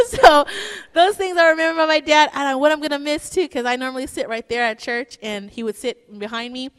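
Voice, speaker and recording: A woman's voice: high-pitched, steady tone, moderate pace, fairly bright tone. A woman giving a casual, joking eulogy for her father at a church service, telling stories in a chatty way. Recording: long reverb in a church hall.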